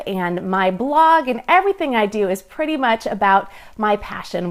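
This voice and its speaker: A woman's voice: fairly high pitch, fairly bright tone. A woman from Southern California hosting a casual livestream chat, bubbly and chatty, answering viewer comments as she goes. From Southern California, USA. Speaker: blogger and livestream host.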